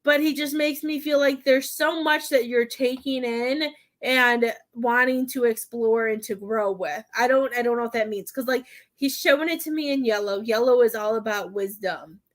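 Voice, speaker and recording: On a live stream, a woman whose voice runs on the high side gives a psychic medium reading at a moderate pace. Her speech wanders and hesitates, heavy with fillers, and she often chokes up emotionally.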